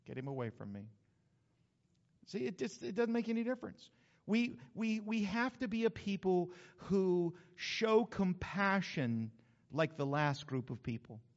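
A man preaching a sermon as pastor, lively and conversational with asides to the congregation. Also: high-pitched, measured pace. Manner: animated preaching with asides and acted-out quotes. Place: church sanctuary. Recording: dull sound with long hall reverb.

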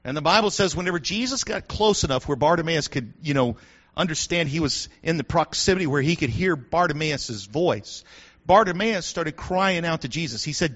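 A male pastor delivers an animated sermon. His voice sits high and sounds bright and forceful. He climbs to loud shouts and tosses in joking asides. The recording is dull and lo-fi. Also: moderate pace.

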